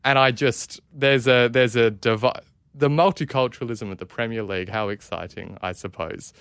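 A man's voice: medium pitch, normal speed, a bit bright, clean tone, no echo, studio quality. A man co-hosting a casual football podcast, wry and self-mocking, rambling a little as he talks. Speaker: podcast co-host.

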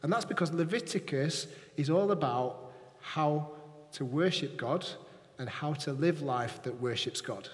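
A male preacher with a fairly high voice, delivering a sermon in a church hall where his words ring out with a long reverb. He keeps the congregation involved, tossing questions to them and checking they are with him. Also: a little slow. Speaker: pastor.

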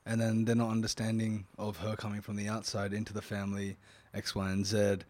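A man's voice: lowish voice, completely flat delivery, a little fast, darkish tone. A man co-hosting a casual podcast chat, teasing and impatient, often cutting in. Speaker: podcast co-host.

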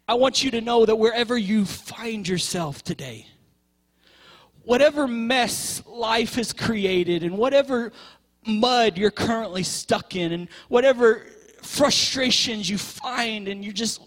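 A man's voice: high-pitched, normal speed, fairly bright tone. A man preaching a sermon with passion, stretching key words and repeating phrases for emphasis.

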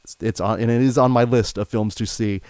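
A man's voice: mid-range voice, steady tone, brisk, darkish tone, no room sound. A man hosting a podcast who chats casually about films and steers the conversation along. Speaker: podcast host. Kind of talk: casual film chat.

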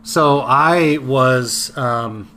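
A man telling a personal memory in a casual podcast chat, halting with many fillers and restarts. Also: medium pitch, bright, forceful tone, slight background noise. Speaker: podcast co-host. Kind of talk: casual conversational storytelling.

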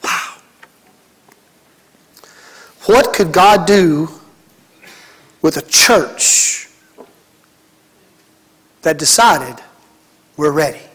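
High-voiced man preaching a fervent sermon. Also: expressive, very slow, long pauses, fairly bright tone, husky, poor audio. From Mississippi. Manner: preaching with emphatic, rhythmic repetition. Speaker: pastor.

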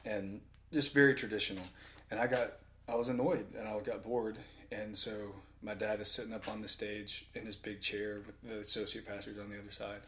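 A man in casual conversation who tells stories in an animated way and laughs often. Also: on the low side, a little hiss or hum.

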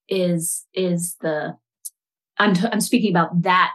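A woman's voice: fairly low pitch, steady tone, takes it slowly. Thoughtful woman meditation teacher. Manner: thoughtful, searching, with frequent restarts. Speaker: podcast guest, meditation teacher. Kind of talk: casual conversational interview.

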